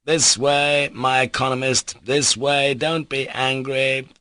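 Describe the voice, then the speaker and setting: A feverish, reckless young nobleman who rambles and gushes in a raised, lively voice, as a male audiobook reader puts him on. The sound is close and dry. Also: mid-range voice, takes it slowly, clear, resonant tone, no echo, voice pushed up. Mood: insistent. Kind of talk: audiobook reading.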